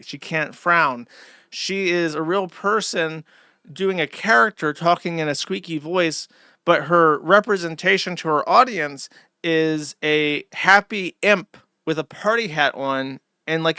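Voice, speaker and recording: A male host delivering a profane, scornful commentary rant in a slightly high voice. His bright, forceful tone sits close and dry, with no room sound around it. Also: dry recording.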